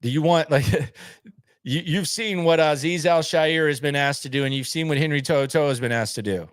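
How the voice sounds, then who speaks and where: A man's voice: a little high, moderate pace, smooth, no room sound, studio quality. A man hosting a sports channel, chatting casually and bluntly, skeptical, often repeating himself as he answers viewer comments.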